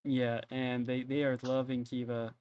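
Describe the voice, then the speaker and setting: A man narrating as game master in a tabletop game, in a casual, halting way with many fillers. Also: mid-range voice, monotone, darkish tone, clean tone, dry recording, muffled recording.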